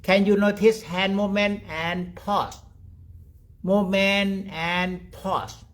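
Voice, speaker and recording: A man leading a guided meditation talk in simple broken English, pausing often and asking "okay?". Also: high voice, fairly even intonation. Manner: repeats short words softly, trailing off quieter. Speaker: meditation teacher.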